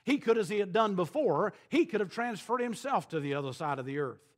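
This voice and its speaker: High-voiced preaching man. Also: lively intonation. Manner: emphatic, preaching with dramatic pauses and quoted scripture. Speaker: pastor. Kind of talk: sermon.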